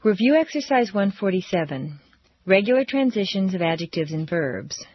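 A woman leading a scripted pronunciation drill, speaking with slow, careful, deliberate enunciation. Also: mid-range voice, very animated, breathy edge, no room sound. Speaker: language teacher. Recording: dull lo-fi audio.

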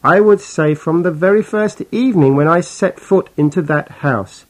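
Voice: mid-range voice, normal speed, lightly acted, rough recording. An actor doing exasperated tenant Mister Brown. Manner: weary, complaining storytelling. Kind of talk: scripted narration for a listening exercise.

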